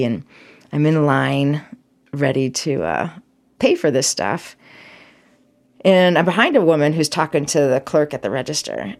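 A woman's voice: very deep voice, gravelly, a little mellow. A middle-aged woman telling a personal story, emotional and vivid, quoting herself as she goes. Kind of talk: personal story told to an audience.

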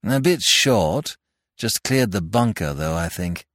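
A man reading a story aloud, voicing a calm, wry older doctor who speaks soothingly and matter-of-factly. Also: lowish voice, no room sound, studio quality. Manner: soothing, unhurried, matter-of-fact.

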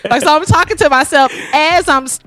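A woman co-hosting a podcast, telling a profane story with lively acted-out quotes. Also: sits high, brisk. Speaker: podcast co-host. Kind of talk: casual storytelling chat.

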